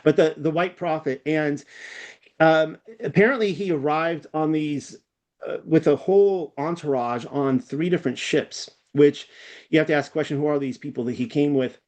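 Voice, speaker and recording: A man's voice: fairly high pitch, moderate pace, darkish tone. A man with a Californian accent, a guest in a casual online chat, rambling with fillers and restarts. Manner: rambling, self-deprecating, many fillers and restarts. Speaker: podcast guest.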